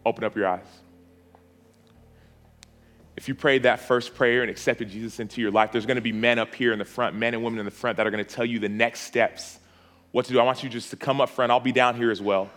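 A man's voice: medium pitch, steady tone, fast, fairly bright tone, soft background music. A man preaching an altar call in a church auditorium, with a repetitive, pleading cadence.

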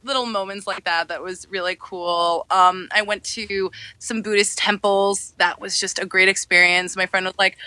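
A woman chatting as a podcast guest, telling animated stories and acting out the people in them. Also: normal speed, hardly any pauses, dry recording. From United States. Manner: animated storyteller, acts out quotes in high voices. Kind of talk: casual chat.

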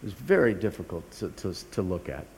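This older pastor has a deep, creaky voice and preaches very animatedly at a fairly quick pace. He's earnest and confessional, often starting sentences over and mocking himself, heard through a long hall reverb.

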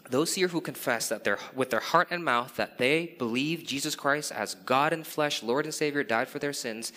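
Male pastor in his thirties, crisp bright tone, earnest sermon in a reverberant hall. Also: mid-range voice. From Indonesia. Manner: earnest, with candid self-deprecating storytelling.

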